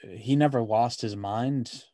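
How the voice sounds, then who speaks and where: A man's voice: mid-range voice, takes it slowly, warm tone, dry recording. A man co-hosting a podcast, chatting casually about a movie, rambling with lots of "like" and swearing freely. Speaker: podcast co-host.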